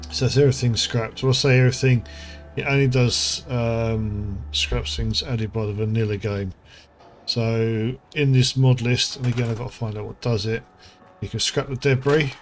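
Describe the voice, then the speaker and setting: A man, hosting a casual gameplay commentary, chatty and rambling, with lots of fillers and asides. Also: mid-range voice. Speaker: gaming channel host. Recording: music playing underneath.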